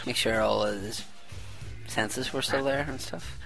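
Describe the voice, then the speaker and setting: A man's voice: mid-range voice, fairly even intonation, measured pace, vocal fry, a bit bright, faint music behind, rough recording. A man co-hosting a casual chat show, teasing his partner and laughing often. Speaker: podcast co-host.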